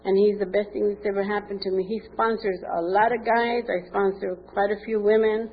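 A woman's voice: medium pitch, fairly quick, breathy edge. Older woman, candid recovery testimony, acts out dialogue, phone-like sound. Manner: candid storytelling with lively quoted dialogue. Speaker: speaker sharing at a recovery meeting. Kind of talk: personal testimony. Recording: tinny phone-like recording with faint noise.

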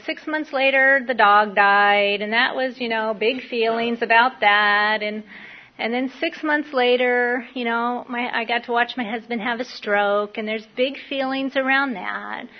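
A middle-aged woman giving a candid, rambling personal testimony at a recovery meeting, full of fillers. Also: on the high side. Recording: dull lo-fi recording.

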